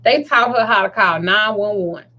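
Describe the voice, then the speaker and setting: A woman's voice: mid-range voice, moderate pace, slightly rough. A woman telling a profane story in casual chat, laughing often and acting out what people said. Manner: profane, animated storyteller who laughs often and acts out quotes. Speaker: host. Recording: dull lo-fi sound.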